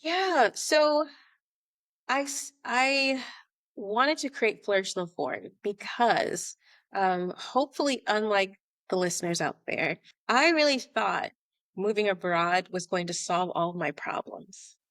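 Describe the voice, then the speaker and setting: An American woman telling her story as a podcast guest, animated and conversational, acting out remembered dialogue. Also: mid-range voice, unhurried, no room sound, studio quality. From United States. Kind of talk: conversational interview.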